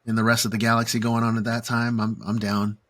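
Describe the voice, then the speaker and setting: A man co-hosting a casual fan podcast, animated, laughing often and trailing off in fillers. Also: mid-range voice, fast. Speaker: podcast co-host. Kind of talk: casual chat.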